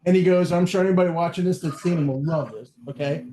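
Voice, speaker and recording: Fast-talking cussing dude telling stories on a podcast, kinda high voice, echoey room. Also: male voice. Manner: animated, profane, acts out quotes. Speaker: podcast guest. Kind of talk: casual podcast storytelling.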